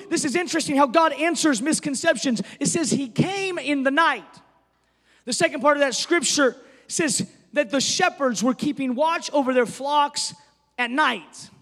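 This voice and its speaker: A man's voice: very high voice, fairly bright tone, big-room sound. A man preaching a sermon as pastor, talking conversationally and telling stories, rising at times to emphatic declarations.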